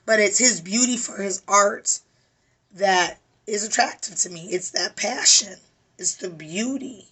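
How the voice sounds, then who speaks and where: A woman's voice: mid-range voice, unhurried, pushed and bright, breathy edge. A woman with a weary voice giving an emphatic, preachy spiritual tarot reading, swearing casually. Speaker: tarot reader.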